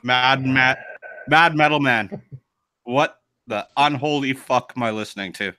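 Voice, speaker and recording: A man's voice: medium pitch, a little slow, bright, forceful tone, no room sound. A man co-hosting a casual podcast chat who reacts with disbelief and cracks jokes. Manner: incredulous, jokey.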